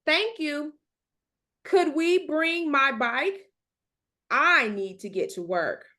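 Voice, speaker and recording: A woman's voice: high voice, expressive, slow pace, sharp tone, pitched above the performer's own voice, exaggerated voice. Wary young woman, read by a teacher. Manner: guarded, polite, uneasy. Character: wary hurt young woman alone at night.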